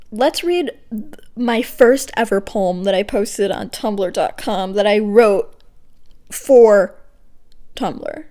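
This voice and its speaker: A woman's voice: medium pitch, mellow. A woman hosting her podcast, reading her own poetry aloud with awkward, self-deprecating asides. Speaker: podcast host.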